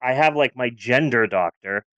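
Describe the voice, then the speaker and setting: A woman's voice: a bass voice, moderate pace, no echo, lo-fi sound. A woman in her forties chatting candidly on a podcast, rambling a little and restarting her sentences. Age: 40s. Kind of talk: casual podcast chat.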